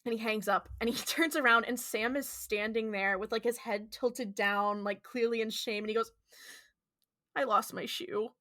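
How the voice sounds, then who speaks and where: A woman co-hosting a podcast, recapping a TV episode with lively retellings. She voices each character's lines herself. Her voice is bright and a little high. The sound is dry and close. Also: normal speed, hardly any pauses, dry recording. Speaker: podcast co-host.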